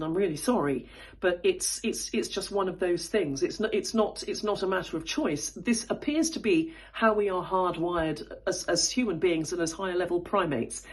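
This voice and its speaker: A woman coaching public speaking in a husky, slightly breathy voice that sits fairly low for a woman. Her delivery is animated and swings widely in pitch. She talks through vocal technique in a thoughtful way and demonstrates high and low registers. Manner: thoughtful, with frequent fillers and restarts. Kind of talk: spoken voice lesson.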